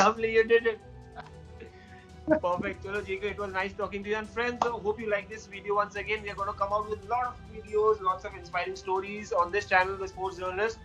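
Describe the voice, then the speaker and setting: A man with an Indian accent co-hosting a casual cricket chat, excitable and laughing, slipping into Hindi. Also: high-pitched, brisk, music in the background, low-quality recording. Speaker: co-host.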